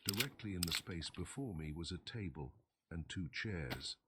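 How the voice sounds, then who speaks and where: A man with a very deep voice reads a pulp crime story aloud in an even, measured pace. The clack of a keyboard and mouse clicks carry on clearly in the background. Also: a little hiss or hum. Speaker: narrator.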